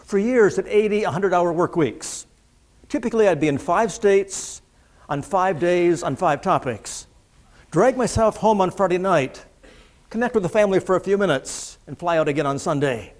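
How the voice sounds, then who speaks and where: A man's voice: sits high, lively intonation, normal speed. A middle-aged man giving a humorous keynote speech to a live audience as a motivational speaker, telling stories with punchline timing. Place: large room with audience.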